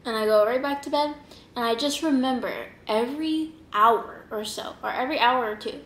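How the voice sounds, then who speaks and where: A young woman hosting an eating show, telling a rambling story in a casual, animated way, acting out what people said and laughing often. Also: a little high, normal speed. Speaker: mukbang host. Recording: roomy echoing room.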